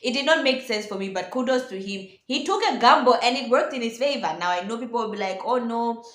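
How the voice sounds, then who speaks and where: Excitable woman vlogger in an echoey room. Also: a little high, fast. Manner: excitable, addresses viewers as ladies and gentlemen. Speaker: football vlog host. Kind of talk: casual football match reaction.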